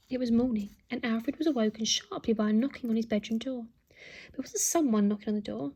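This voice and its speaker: A teacher, a woman, reading a children's book aloud with lively storytelling and acted sound effects. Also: on the high side, fast, husky.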